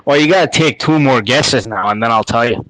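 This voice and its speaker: A man's voice: medium pitch, a bit bright, dry recording, poor audio. A Canadian man with a slightly nasal Canadian accent, calling in for a casual, playful chat. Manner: playful, teasing, drawn-out guessing game. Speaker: caller.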